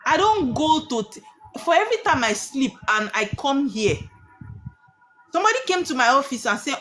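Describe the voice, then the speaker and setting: Lady on a live stream, lively up and down voice, kinda high, asks questions then answers them herself. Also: moderate pace, a little hiss or hum. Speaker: spiritual practitioner hosting a live stream. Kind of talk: live-streamed teaching talk.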